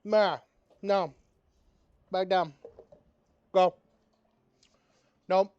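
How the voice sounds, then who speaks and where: A man's voice: high-pitched, fairly even intonation, very slow, darkish tone, clear, resonant tone, no echo, lo-fi sound. A man streaming a game, chatting casually, who swears and scolds his cat in baby talk. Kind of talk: casual live-stream chat.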